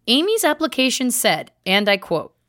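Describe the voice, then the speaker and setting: A woman's voice: on the high side, sing-song, normal speed, fairly bright tone, no echo, clean studio sound. A woman podcast host recounting research in a chatty, casual way, full of asides. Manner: chatty, speaks in asides and restarts. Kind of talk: casual storytelling chat.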